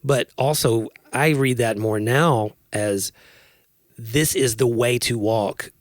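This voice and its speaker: A man's voice: medium pitch, slow, no room sound, clean studio sound. A man co-hosting a podcast, talking in an earnest, reflective way and laughing easily. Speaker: podcast co-host. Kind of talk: casual chat.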